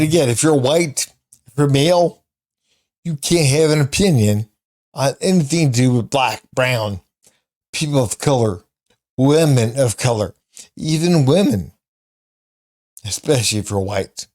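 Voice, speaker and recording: A man's voice: medium pitch, a little mellow. A man giving casual commentary on clips, repeating and restating his points emphatically. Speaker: online commentator.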